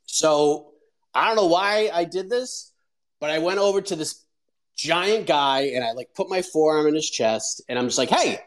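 A man's voice: a little high, normal speed, low-quality recording. A man in his forties hosting a show, telling stories in casual commentary with lots of "like" and fillers. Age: 40s. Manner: animated storyteller, lots of fillers. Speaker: host.

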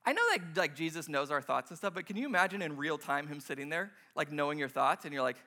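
Young male pastor, high bright voice, loose joking sermon delivery, acts out scenes. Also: fast talker, hardly any pauses.

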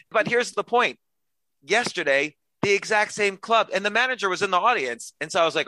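A man talks as a podcast guest, his voice bright and slightly high, with a dry, close sound. He tells chatty, self-deprecating stories and acts out the dialogue. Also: expressive, a little fast, no echo, poor audio. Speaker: podcast guest, author and comedian. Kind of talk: casual storytelling interview.

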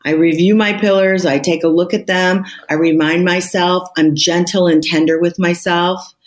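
A woman's voice: lowish voice, fairly even intonation, normal speed. A woman speaking candidly and reflectively as a podcast interview guest, emphatic at times. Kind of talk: podcast conversation.

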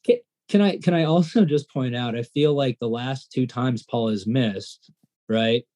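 A man co-hosting a podcast in casual chat, excitable and rambling, his voice jumping up when he gets worked up. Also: mid-range voice, unhurried. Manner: excitable, rambling, self-deprecating. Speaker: podcast co-host.

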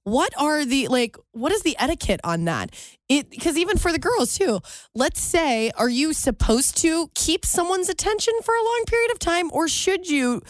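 Female co-host, curious and giggly, fairly high voice with wide swings, dry studio. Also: lively intonation, normal speed, dry recording. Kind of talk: casual radio show chat.

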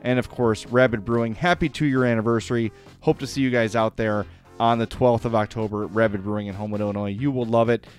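The host of a casual hockey podcast talks fast at medium pitch with fairly even intonation, faint music in the background. He's enthusiastic and chatty, delivers sponsor reads, and gets choked up at times.

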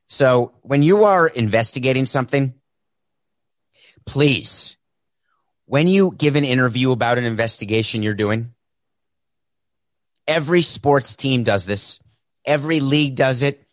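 A man hosts a sports talk show in a sarcastic, mocking monologue. He talks at a mid-range pitch into a desk microphone. The sound is dry, with no room echo. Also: unhurried, long pauses. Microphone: desk mic with mute button.

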